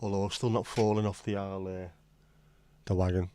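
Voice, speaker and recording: A man's voice: sits low, little pitch movement, brisk, warm tone. A middle-aged man chatting casually on his livestream, joking and answering viewers' messages. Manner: easygoing, jokey, responds to chat messages. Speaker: livestream host.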